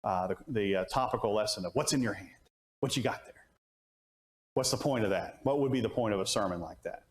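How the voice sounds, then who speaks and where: In a church classroom with roomy acoustics, a man teaches a conversational Bible lesson, asking the class questions and often restarting his sentences. His voice is fairly low and a little fast.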